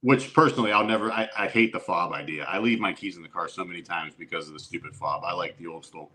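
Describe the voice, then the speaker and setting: A fairly low-voiced middle-aged man, spinning a story on a casual podcast. He swears freely and acts out what everyone said. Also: fast. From Youngstown area, Ohio, USA. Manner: animated storyteller who swears and acts out quotes. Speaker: podcast guest.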